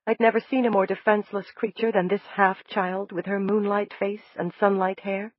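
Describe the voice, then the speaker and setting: A woman narrating a novel in the first person, in a measured, descriptive manner. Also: mid-range voice, little pitch movement, no echo. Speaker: audiobook narrator. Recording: dull, dry lo-fi audiobook recording.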